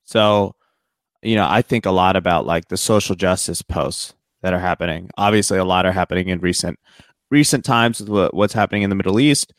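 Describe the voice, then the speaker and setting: A man co-hosting a relaxed podcast conversation in a fairly low voice. He reasons things through earnestly, leaning on casual fillers. The recording is dry and close. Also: a little fast, no echo. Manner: reflective, earnest, uses fillers like "you know". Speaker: podcast co-host. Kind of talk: casual chat.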